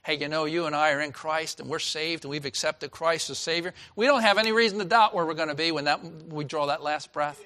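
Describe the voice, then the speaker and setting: A man preaching a sermon as a pastor, reading scripture and swinging from loud exclaiming to hushed tones. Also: a little high, fairly even intonation, quick pace, few pauses.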